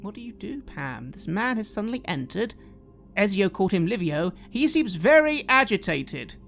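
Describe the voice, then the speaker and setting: A woman's voice: mid-range voice, sing-song, moderate pace, gravelly, faint music behind. A woman narrating a tabletop game as game master, describing scenes and asking players what they do. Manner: descriptive, occasionally hesitant.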